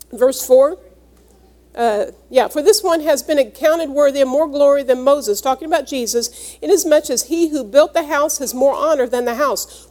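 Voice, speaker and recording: A woman's voice: high voice, a little mellow. A woman preaching a sermon, reading scripture aloud and earnestly explaining its words to her congregation. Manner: earnest, teaching, explains each word.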